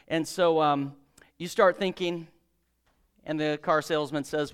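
A male preacher with a fairly high, clear, resonant voice. He talks in a conversational storytelling way and acts out the dialogue of his story. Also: fairly even intonation, moderate pace. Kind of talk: sermon with prayer and storytelling.

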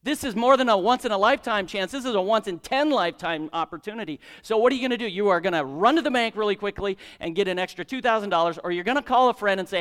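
A male preacher with a fairly high, clear, resonant voice. He talks in a conversational storytelling way and acts out the dialogue of his story. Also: fast talker, hardly any pauses, fairly bright tone. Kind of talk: sermon with prayer and storytelling.

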